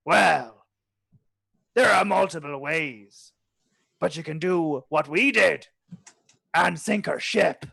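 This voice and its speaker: A game master voicing a boisterous, greedy male pirate boss who growls and shouts his lines. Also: medium pitch, takes it slowly, vocal fry, long pauses, husky, no echo, studio quality, heavily acted. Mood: smug. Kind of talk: tabletop role-play character voice.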